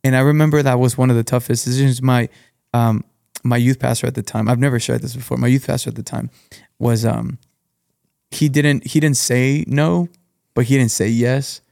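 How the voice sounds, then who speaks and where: Young adult male pastor, gravelly and even-toned, reflective; dry recording. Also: mid-range voice, moderate pace, no echo. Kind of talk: casual conversation.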